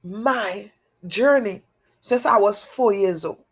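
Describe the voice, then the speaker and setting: A woman giving an emotional personal testimony, halting and repetitive, speaking earnestly. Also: mid-range voice, husky. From outside America.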